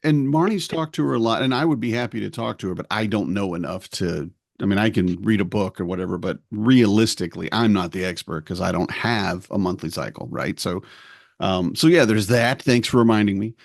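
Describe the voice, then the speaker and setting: A man's voice: fairly low pitch, brisk, creaky, no room sound, clean studio sound. A middle-aged man co-hosting a podcast, rambling through a family story and acting out the lines of the people in it. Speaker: podcast co-host. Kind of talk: casual chat.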